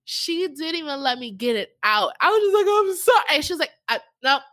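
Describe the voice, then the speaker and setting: A young woman in casual conversation, telling an emotional personal story with animated voices for the people in it. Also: high-pitched, fast talker, no echo. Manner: emotional, animated, acts out voices in her stories.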